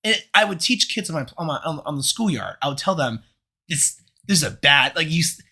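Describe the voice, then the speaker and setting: Animated high-voiced young man, stammering. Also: brisk, vocal fry. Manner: animated, stammering restarts, laughs often. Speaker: podcast co-host. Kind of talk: casual chat.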